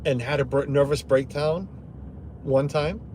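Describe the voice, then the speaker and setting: A man's voice: on the high side, measured pace, a little mellow, slight background noise. A middle-aged man hosting a live stream from inside his truck, rambling casually and greeting viewers by name.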